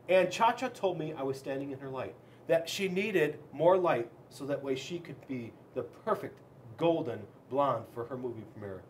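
A man, a police officer, reading a children's storybook aloud in an expressive, dramatic way with big swings in loudness. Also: a little high, unhurried.

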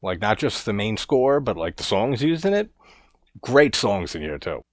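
A man's voice: fairly low pitch, sing-song, moderate pace, no room sound. A man casually reviewing a horror movie, laid-back and chuckling as he recounts scenes.

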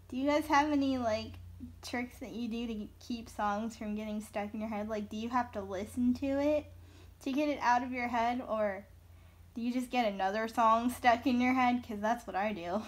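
A woman in her thirties, from the American South, chatting casually and giggling as she colors for her viewers. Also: fairly high pitch. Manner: chatty, giggly, slow-paced. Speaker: coloring video host. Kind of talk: casual chat while coloring.

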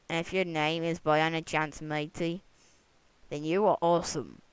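A young adult rambling jokily through gameplay commentary, breaking into sudden excited whoops now and then. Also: mid-range voice, moderate pace, clear, resonant tone, rough recording. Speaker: gamer recording gameplay commentary. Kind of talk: casual let's-play commentary. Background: other people talking in the room.

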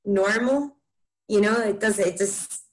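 A woman's voice: mid-range voice, slow, rough recording. Woman, broad Scottish accent, musician guest, chatty, enthusiastic, filler-heavy. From Scotland. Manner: chatty, enthusiastic, many likes and ums. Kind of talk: casual interview chat.

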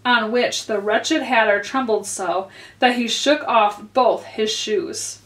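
A woman's voice: fairly high pitch, slow pace. A woman librarian reading a children's story aloud expressively in a library. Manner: clear, expressive read-aloud. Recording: roomy echo.

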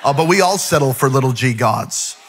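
A man preaching an energetic sermon as guest pastor, with rising fervor and shouted calls to the crowd. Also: medium pitch, fairly quick, a little hiss or hum.

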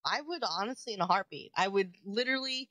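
A young adult woman co-hosting a podcast in casual chat, animated and laughing, swearing freely. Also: mid-range voice, fast talker, no room sound. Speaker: podcast co-host.

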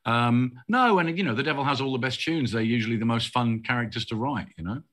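A man, a crime novelist, talking casually on a festival panel, with sudden lively lifts in his voice when he starts an answer. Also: medium pitch, fast talker.

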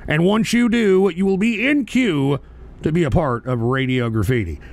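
A man's voice: fairly high pitch, normal speed, a little mellow. A man hosting a call-in show, talking crude and ranting with constant swearing. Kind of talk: profane call-in stream chat.

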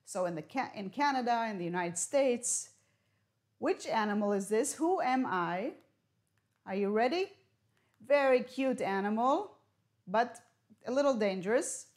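Woman teaching English slowly. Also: fairly high pitch, expressive, darkish tone. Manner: slow, clear teacher talk with riddles and Hebrew glosses. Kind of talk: broadcast classroom lesson.

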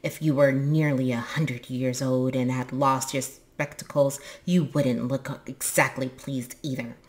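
A woman's voice: a bass voice, fairly even intonation, unhurried, a little mellow, echoey room. Lady doing a grumpy ancient stork guy, scolds everyone. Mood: gruff. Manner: gruff, scolding. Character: old, grumpy male stork, nearly a hundred.

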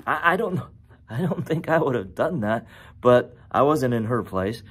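Animated storytelling male pastor. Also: mid-range voice, normal speed, slightly rough. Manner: animated storytelling, self-correcting; conversational, asks the listeners questions. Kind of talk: sermon.

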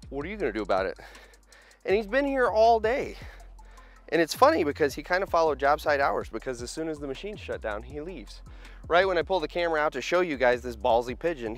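Worn-out male equipment operator, casual and wisecracking, self-recorded outdoors on a handheld camera. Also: a little high. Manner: chatty, joking, self-deprecating. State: tired after a long hot week. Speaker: heavy equipment operator and vlogger. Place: outdoor construction site.

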